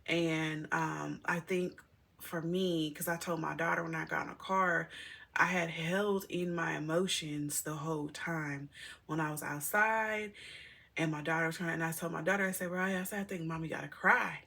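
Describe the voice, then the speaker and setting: A middle-aged woman vlogs candidly to her viewers, speaking to them as y'all. Her low voice has a gravelly, slightly husky edge, yet it sounds bright and forward. She rambles through an emotional personal story. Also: steady tone, normal speed. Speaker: single mother vlogger.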